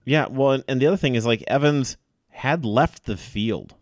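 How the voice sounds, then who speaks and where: A man co-hosting a casual sports podcast, giving blunt, quick, opinionated football analysis. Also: mid-range voice, dry recording, clean studio sound. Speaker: podcast co-host.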